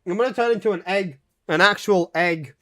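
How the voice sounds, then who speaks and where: High-voiced young man chatting on stream. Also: a little fast, bright, forceful tone. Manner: reads chat aloud and answers with swearing and laughs. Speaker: game streamer. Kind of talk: casual live-stream chat.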